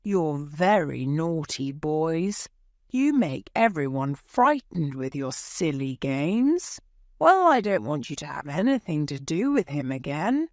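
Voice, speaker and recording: A woman's voice: sits low, very animated, slow, no echo, clean studio sound, heavily acted. A woman voicing a fussy older aunt who scolds the boys in a storybook reading.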